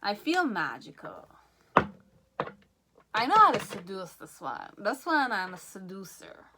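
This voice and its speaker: A woman giving a pick-a-card tarot reading, excitable, often checking in with "okay?" and a bit out of breath. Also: medium pitch, a little slow, heavy background noise. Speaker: tarot reader.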